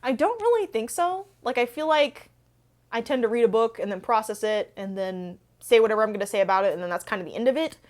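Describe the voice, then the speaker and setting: A woman's voice: on the high side, expressive, fast talker, darkish tone. A young adult woman hosting a book channel, telling stories in a chatty, rambling way full of fillers. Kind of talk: casual Q&A storytelling.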